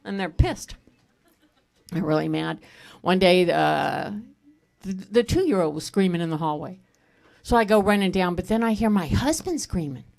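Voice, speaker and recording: A middle-aged woman doing a stand-up comedy set on a stage, telling animated stories and breaking into laughter. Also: lowish voice, normal speed, vocal fry. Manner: animated storytelling with bursts of laughter. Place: comedy stage at a live fundraiser.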